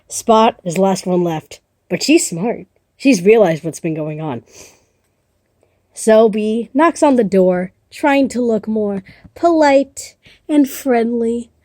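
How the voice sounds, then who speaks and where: A woman rambling playfully through a story pitch, amused at her own ideas. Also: slow pace, a little mellow, no room sound, clean studio sound.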